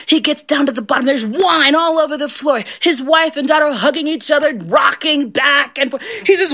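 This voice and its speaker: A middle-aged woman telling a folktale aloud, expressive and laughing often as she narrates. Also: sits high, a little fast, hardly any pauses. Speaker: storyteller. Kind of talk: animated oral folktale telling.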